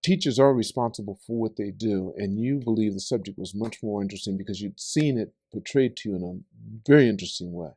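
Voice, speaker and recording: A middle-aged man hosts a podcast in a mellow, slightly husky voice. He talks in an animated, conversational way, breaking in with anecdotes and advice. The sound is dry and close. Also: lowish voice, brisk, hardly any pauses, no echo. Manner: animated, interjects and tells anecdotes. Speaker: podcast host. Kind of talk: conversational interview.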